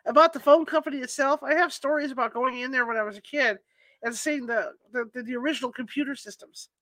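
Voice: high voice, fast talker, bright, forceful tone, no echo. A show host who talks eagerly and keeps cutting in over the guest. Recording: dry close sound.

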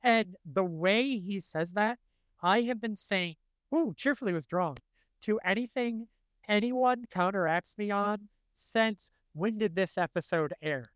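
High, smooth-voiced man in his forties. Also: a little slow, no room sound. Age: 40s. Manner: animated, quotes cartoon lines in funny voices. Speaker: podcast co-host. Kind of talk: casual chat.

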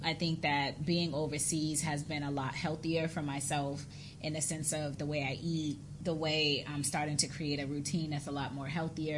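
An American woman co-hosts a podcast in relaxed, encouraging conversation. Her voice sits very low for a woman. A faint hum runs underneath. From United States. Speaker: podcast co-host. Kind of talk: casual chat.

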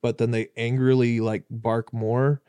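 A young man co-hosting a podcast, talking in a relaxed, rambling way and trailing off with fillers. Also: mid-range voice, measured pace, smooth, no echo, clean studio sound. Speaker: podcast co-host. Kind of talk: casual banter.

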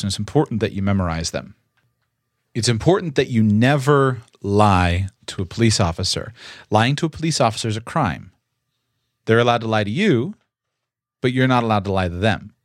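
A man's voice: mid-range voice, dry recording, clean studio sound. Earnest young man reading advice aloud. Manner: earnest, emphatic, stresses key words. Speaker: instructor giving advice. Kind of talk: reading a guide aloud with commentary.

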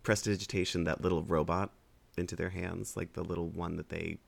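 Low, gravelly man; unhurried tabletop player. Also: fairly even intonation. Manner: halting, searching for words. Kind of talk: tabletop game roleplay.

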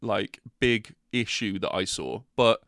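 A man co-hosting a casual film-review podcast, animated and sweary, acting out the lines he quotes. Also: lowish voice, slow pace, dry recording, studio quality. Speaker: podcast co-host.

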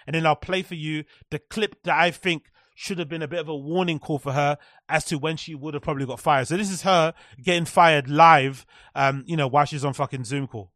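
A man with a high voice delivers sarcastic, profanity-laced commentary as a podcast host. His sound is dry and close, with no room around it. He slips into mocking impressions mid-rant. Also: fairly even intonation, brisk, fairly bright tone, no echo. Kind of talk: comedic commentary on clips.

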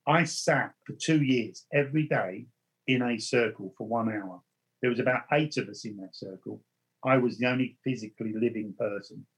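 Husky man telling his story. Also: medium pitch, moderate pace, rough recording. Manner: earnest, repeats and restarts words. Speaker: spiritual medium. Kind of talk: storytelling in conversation.

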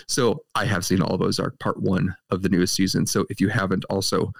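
A man co-hosting a movie podcast in casual chat, talking in quick, animated bursts. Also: deep voice, creaky. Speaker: podcast co-host.

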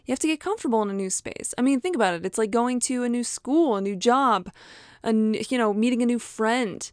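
A woman's voice: fairly high pitch, brisk, smooth, no room sound, studio quality. A woman giving a casual motivational talk in a chatty, encouraging way, laughing often and acting out inner voices. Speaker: motivational speaker.

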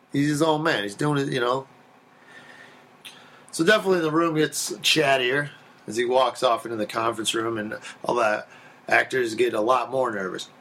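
Brief: male podcast storyteller, bright and forceful, swears, acts out the dialogue. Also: medium pitch. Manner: animated, swearing, acts out quotes. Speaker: podcast guest telling a story. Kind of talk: casual storytelling.

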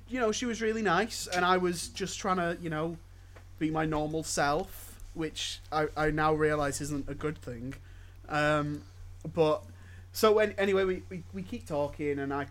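A man's voice: a little high, steady tone, moderate pace, fairly bright tone. Stammering, jokey podcast man. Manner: stammering, jokey, laughs through his lines. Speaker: podcast co-host. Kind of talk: casual chat, storytelling.

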